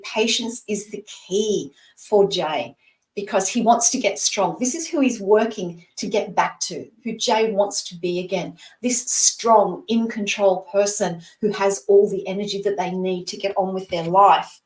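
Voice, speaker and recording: A woman's voice: medium pitch, a little slow, echoey room, far from the mic, low-quality recording. A Scottish-born woman in her sixties giving a live tarot reading in a reassuring way, speaking to the person asking by name. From Scotland. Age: 60s. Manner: warm, reassuring, talks to the asker by name. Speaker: psychic reader.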